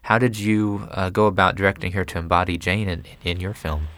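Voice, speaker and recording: A man's voice: deep voice, steady tone, brisk, fairly bright tone, slight background noise. A man interviewing a film director, asking eager, complimentary questions.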